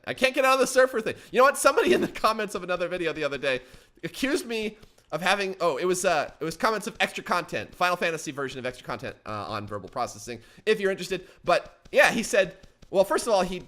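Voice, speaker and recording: Animated, bright-voiced man doing game commentary. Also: high voice, fast talker. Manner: joking, animated, often yelps in surprise. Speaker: gaming channel host. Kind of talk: let's play commentary.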